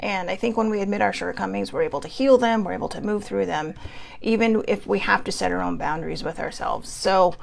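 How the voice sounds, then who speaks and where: A woman's voice: medium pitch, fairly quick, vocal fry. A woman hosting a casual livestream, chatting in a rambling, self-deprecating way from home. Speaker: host.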